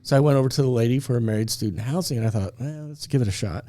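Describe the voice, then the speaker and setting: Male storyteller, talk-show regular; lively, acts out every line, warm mellow tone, dry studio. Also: medium pitch, very fast, no echo. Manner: animated storyteller, acts out dialogue, laughs often.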